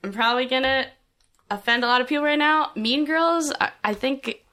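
A woman's voice: high voice, a little fast, sharp tone. A young woman telling a story in casual chat, giggling and full of fillers. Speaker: guest.

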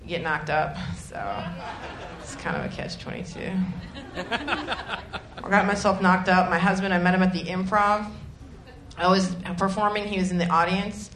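A woman's voice: fairly low pitch, expressive, moderate pace, pauses often, a crowd in the background. A woman doing stand-up in a comedy club, rambling and self-deprecating, with sarcastic asides. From Detroit area, Michigan. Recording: echoey club with ambient noise.

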